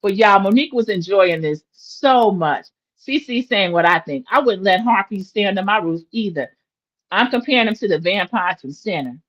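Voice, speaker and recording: A woman's voice: mid-range voice, animated, moderate pace, highs cut off. A woman in her forties chatting opinionatedly as she recaps a reality TV episode for her viewers. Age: 40s. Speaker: recap host.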